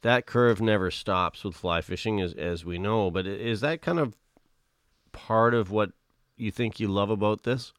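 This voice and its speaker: A hoarse male podcast host with a very low, smooth voice, asking relaxed questions that trip over repeated words. The sound is dry and close to the mic. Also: no echo. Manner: laid-back, halting questions with repeated words. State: hoarse, losing his voice. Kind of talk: casual interview.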